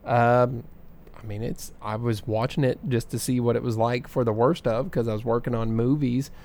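Rambling Southern podcast co-host, mid-pitched everyday voice. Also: male voice, steady tone, moderate pace, creaky, darkish tone. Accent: Southern American. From American South. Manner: chatty, rambling, mimics others. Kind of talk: casual chat.

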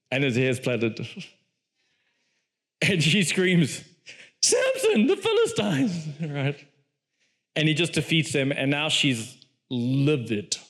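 A man preaching a sermon, telling a story with animated delivery, acting out quoted lines and laughing often as he speaks. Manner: animated storytelling, acts out quoted lines with big pitch swings.

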